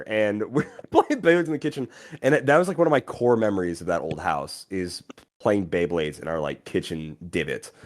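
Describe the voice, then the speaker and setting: A young man hosts a casual podcast, telling stories with a lively, swinging pitch. He laughs easily and sometimes drops into a mumble. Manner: animated, laughs often, trails into mumbles. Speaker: podcast host.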